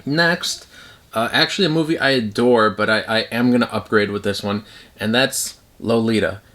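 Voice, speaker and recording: A man's voice: on the low side, normal speed, a bit bright. A man talking casually at home about his movie collection, rambling with many fillers and restarts.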